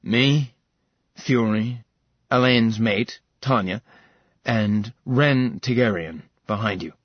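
A man voicing a steady, reassuring man who speaks calmly in audiobook narration. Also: mid-range voice, takes it slowly, no room sound, muffled recording. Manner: calm, reassuring.

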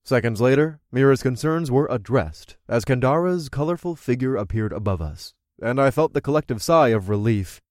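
A man narrating a first-person fantasy story in an expressive, conversational storytelling manner. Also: mid-range voice, normal speed, hardly any pauses, dry recording, studio quality. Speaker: audiobook narrator.

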